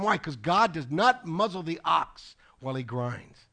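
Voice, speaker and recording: Conversational preacher man, fairly high voice. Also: lively intonation, a little slow, gravelly, bright, forceful tone. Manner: storytelling preacher, conversational asides like "okay?" and "folks". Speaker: pastor. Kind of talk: sermon.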